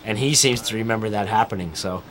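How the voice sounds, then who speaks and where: A man's voice: lowish voice, fast talker, a bit bright. A man giving casual, profane, rambling commentary over a film, telling band stories.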